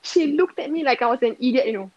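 A young woman from Singapore with a Singaporean English accent, chatting as a podcast guest and telling animated stories with lots of laughter and fillers. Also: high voice, fast talker, no room sound, lo-fi sound. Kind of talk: casual chat, storytelling.

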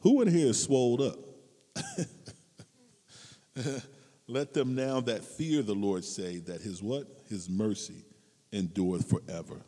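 Animated preacher in an echoey hall. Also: male voice, takes it slowly, long pauses. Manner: animated, swings between loud high outbursts and low asides, laughs often. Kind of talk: casual sermon with humor.

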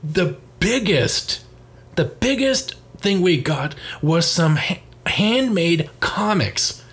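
A man's voice: high-pitched, lively intonation, slow pace, a bit bright. A man co-hosting a casual chat show, reading magazine letters aloud with sarcastic asides and frequent laughter. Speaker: podcast co-host.

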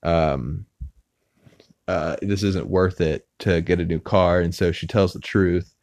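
A man's voice: low-pitched, fairly even intonation, takes it slowly, a little mellow, dry recording. A man hosting a podcast, casually recapping a TV episode with many filler words and restarts. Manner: rambling, lots of "uh" fillers. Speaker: podcast host. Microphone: podcast mic.

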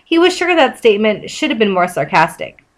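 A woman reading fan fiction aloud with brisk, amused narration. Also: mid-range voice, big pitch swings. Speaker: reader.

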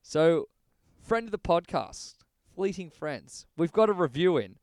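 A man co-hosting a podcast in casual, joking chat, animated and loose with swearing. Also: a little high, unhurried, clean tone, dry recording. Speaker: podcast co-host.

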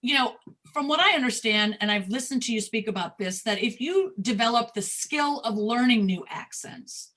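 A woman's voice: fairly high pitch, lively intonation, moderate pace, fairly bright tone. A woman hosting a podcast as a talent manager, interviewing her guest in a friendly, affirming manner.

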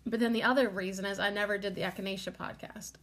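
A woman's voice: medium pitch, fairly even intonation, fast, fairly bright tone. Tearful rambling woman podcaster. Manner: rambling, lots of "like" fillers, emotional. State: tearful, holding back crying. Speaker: podcast host. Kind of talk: casual solo podcast monologue.

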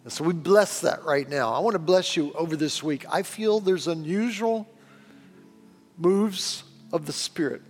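A man preaching a sermon as pastor, earnest and pleading, often sinking to a hushed voice. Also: a little high, a little slow. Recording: long reverb with faint music behind.

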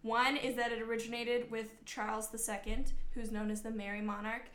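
A woman's voice: on the high side, level tone, moderate pace, a bit bright. A young woman co-hosting a casual comedic history podcast, acting out historical figures in silly voices. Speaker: podcast co-host. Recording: echoey room.

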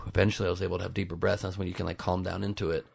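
A man's voice: low-pitched, little pitch movement, very fast, creaky, husky, no echo. A man guest chatting on a podcast, telling rambling stories and poking fun at himself. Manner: rambling, self-mocking storytelling. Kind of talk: casual podcast chat.

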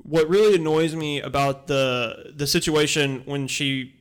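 A man's voice: on the high side, steady tone, unhurried, clean tone. A man co-hosting a podcast in casual chat, joking and rambling with profanity. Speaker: podcast co-host.

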